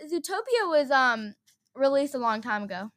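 A woman's voice: high-pitched, sing-song, moderate pace. A woman co-hosting a casual podcast, giggly and playful, talking back to her partner. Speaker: podcast co-host. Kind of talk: casual chat.

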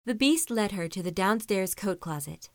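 A woman narrating a story in an even, measured reading voice. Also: mid-range voice, no echo, studio quality. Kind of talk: audiobook-style story reading.

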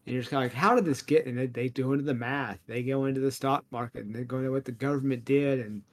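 A man's voice: mid-range voice, quick pace. Laughing, rambling podcast co-host man. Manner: animated, laughing, lots of fillers. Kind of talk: casual chat.

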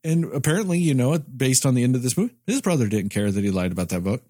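A man's voice: medium pitch, expressive, quick pace, dark tone, no echo, clean studio sound. A man co-hosting a podcast, chatting casually about a film in a rambling way with lots of filler words. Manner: rambling, many "you know" fillers. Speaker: podcast co-host. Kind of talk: casual movie review chat.

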